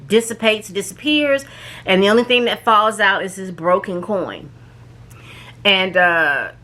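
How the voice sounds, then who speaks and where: A woman casually recapping a show's episodes, telling the story in an animated way and acting out the characters' lines. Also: mid-range voice. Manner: animated storytelling, acts out quoted lines, frequent restarts and fillers. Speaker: reviewer recapping a show.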